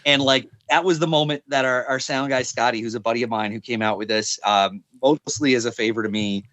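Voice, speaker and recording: A man's voice: medium pitch, steady tone, fairly quick, a bit bright, no echo. A young man, a podcast guest, telling a story in a casual, rambling way, full of fillers and restarts.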